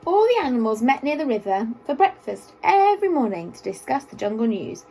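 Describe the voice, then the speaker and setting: A woman reads a children's picture book aloud in an expressive, sing-song storytelling voice. Her pitch rises and falls a great deal, sitting fairly high, while her tone stays warm and mellow. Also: fairly quick, breathy edge, low-quality recording.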